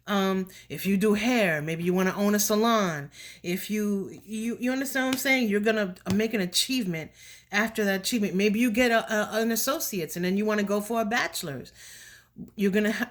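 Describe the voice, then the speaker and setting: A chatty woman reads tarot cards for her viewers in a loose, emotional way and slips the odd Spanish word into her talk. Her voice sits at a middle pitch, and a faint hiss runs under the recording. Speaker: tarot reader. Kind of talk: casual tarot reading to viewers.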